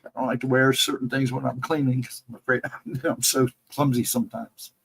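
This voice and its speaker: Hoarse man chatting casually on a livestream. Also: mid-range voice, flat delivery, a little fast, poor audio. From central Ohio, United States. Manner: rambling, chatty, greets viewers by name. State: voice cracking, fighting laryngitis. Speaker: livestream co-host.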